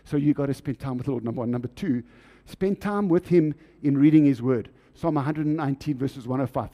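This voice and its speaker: Man preaching a sermon, mellow voice. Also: medium pitch, a little fast. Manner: rhetorical questions to the congregation.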